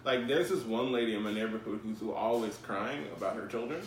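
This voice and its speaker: A man's voice: lowish voice, a little fast, far from the mic. A man co-hosting a podcast, telling anecdotes casually, swearing freely and laughing through his lines. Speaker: podcast co-host. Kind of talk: casual chat. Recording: echoey room, mic set back, faint hiss.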